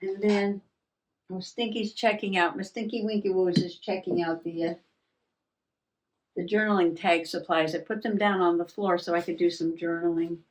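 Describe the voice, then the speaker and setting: A woman hosting a relaxed, chatty journaling vlog at her craft table, musing aloud with soft laughs. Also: lowish voice, moderate pace. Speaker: journaling vlogger. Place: home craft table indoors. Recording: voice a little distant from mic.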